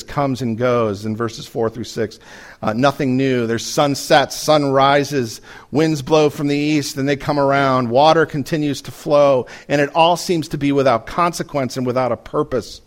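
A man preaching a sermon as pastor, explaining a passage in an earnest teaching manner, with frequent ums and restarts. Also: medium pitch.

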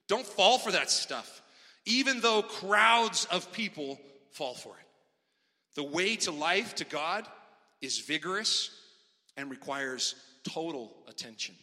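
A middle-aged man preaching a sermon as a pastor, telling stories with big swings in loudness. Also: on the high side, animated, slow. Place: large church hall. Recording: long hall reverb.

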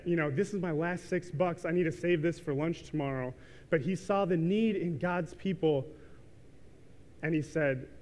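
High-voiced preacher in echoing church. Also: male voice, a little mellow. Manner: casual storytelling full of ums and likes. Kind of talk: sermon. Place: church sanctuary. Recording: reverberant church hall.

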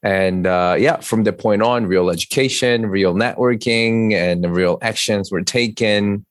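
Korean-accented man, very deep, native Korean, earnest interview guest, dry close sound. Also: a little slow, no room sound. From South Korea. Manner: earnest, plain-spoken, with repeated restarts. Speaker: podcast guest. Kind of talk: conversational interview.

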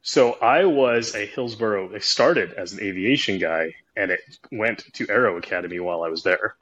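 Low husky-voiced pilot guest man. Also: normal speed, a bit bright, rough recording. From Oregon, USA. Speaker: podcast guest, helicopter pilot. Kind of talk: casual interview conversation. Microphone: remote call.

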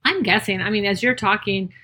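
A woman's voice: mid-range voice, a little fast, sharp tone, breathy edge. A woman midwife co-hosting a podcast, reflecting supportively in casual chat.

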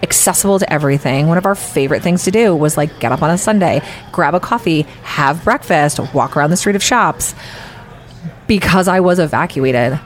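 A woman co-hosting a casual podcast chat, telling stories with lively acted-out quotes. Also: fairly quick. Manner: animated storyteller, acts out quotes with big pitch jumps. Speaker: podcast co-host. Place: restaurant table.

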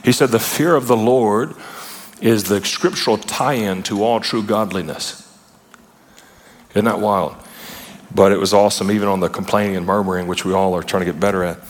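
A man preaching a sermon in a conversational style, breaking into animated asides and playful retellings. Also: on the low side, normal speed. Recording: long hall reverb.

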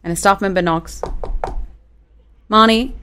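A woman's voice: lowish voice, a little fast, a little hiss or hum. A woman, giving casual, direct advice to managers and acting out quoted dialogue in a playful way. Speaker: business coach for managers.

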